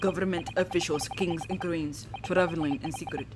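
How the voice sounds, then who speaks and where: Hostile Russian-accented sailor guard, as a woman plays him: slow, broken English, with steady background noise. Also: lowish voice, voice pushed down, lightly acted. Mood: boastful. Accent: put-on Russian. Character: gruff hulking male sailor guard, hostile.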